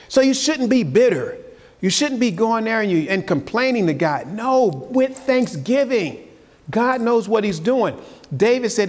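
A man's voice: very high voice, expressive, unhurried, darkish tone. A man preaching a live-streamed sermon as pastor, earnest and building to emphatic peaks. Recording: long church-hall reverb.

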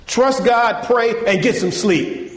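A man preaching a sermon to his congregation, animated and colloquial, firing rhetorical questions and calling them y'all. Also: extremely high pitch, slow pace, big-room sound. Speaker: pastor. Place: church.

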